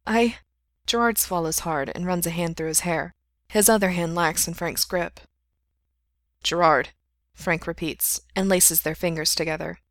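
A woman reading a fan fiction story aloud in steady, unhurried narration. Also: lowish voice, no room sound.

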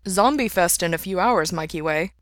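A woman voicing a steady, solemn young man with an even delivery. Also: on the low side, moderate pace, no echo, studio quality. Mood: sincere.

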